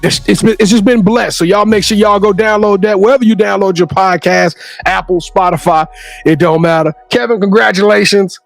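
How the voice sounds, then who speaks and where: Loud, hyped gravelly man. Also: high voice, steady tone, a little fast, no echo, soft background music. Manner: loud, sing-song and hype, shouting praise. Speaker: podcast co-host. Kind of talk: hyped podcast outro.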